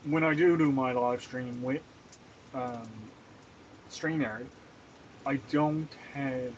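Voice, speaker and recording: A man's voice: mid-range voice, background noise. Man from Canada, live-stream chat, laughs a lot, home kitchen, muffled audio. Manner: chatty, laughs often, greets chat by name. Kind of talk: casual live-stream chat while cooking.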